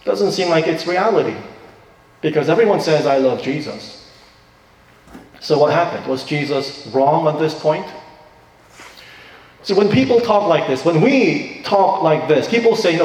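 A man's voice: on the high side, lively intonation, measured pace, pauses often, darkish tone. A man preaching a sermon as pastor, emphatic and repeating his key questions for weight. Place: church sanctuary. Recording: echoey hall from far off.

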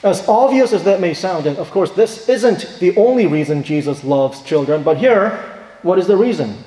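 A man preaching a sermon, asking rhetorical questions and stressing key points, then dropping to quiet asides. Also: high voice, animated, moderate pace. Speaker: pastor. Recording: echoey hall reverb.

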